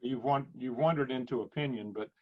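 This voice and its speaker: A man giving measured opinions on a casual industry call. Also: mid-range voice. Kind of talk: casual chat. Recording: dull lo-fi phone call.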